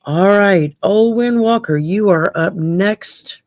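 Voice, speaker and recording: On a laid-back late-night stream, a Cajun-accented woman from Louisiana reads cards for her viewers, cracking salty jokes, cussing freely, and laughing a lot. Her medium-pitched voice is slow and a little mellow, and the recording is dry.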